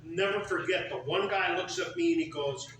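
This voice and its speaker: A man in his seventies in casual group conversation, telling lively anecdotes about farm life. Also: high voice, normal speed. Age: 70s. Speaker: group member. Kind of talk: casual storytelling. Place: community center meeting room. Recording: echoey room from far off, faint noise.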